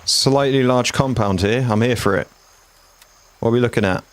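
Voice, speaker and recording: A man's voice: medium pitch, moderate pace, slight background noise. A man, chatting bluntly and swearing freely with viewers while he streams a game. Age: 40s. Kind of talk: casual live-stream chat.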